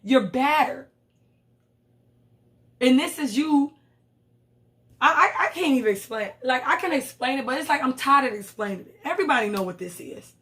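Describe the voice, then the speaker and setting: A woman's voice: sits high, animated, quick pace, hardly any pauses, pushed and bright. A young woman, recapping a reality show in casual, blunt and profane commentary and acting out the lines she quotes.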